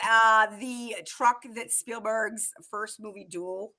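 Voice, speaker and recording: A woman hosting a casual live chat show, excitable, laughing often and quoting movie lines. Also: fairly high pitch, takes it slowly. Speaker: show host.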